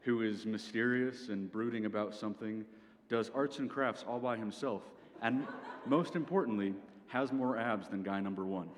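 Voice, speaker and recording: A man's voice: lowish voice, normal speed. A young man giving a comic presentation at an event, with a dry delivery that tags his points with "okay?". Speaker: speaker at a student event. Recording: reverberant hall, faint background noise.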